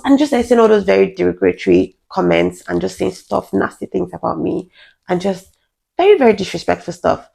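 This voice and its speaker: A young woman frankly telling a personal story to the camera, earnest and halting, often restarting her sentences. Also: fairly low pitch, lively intonation, creaky, darkish tone. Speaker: vlogger.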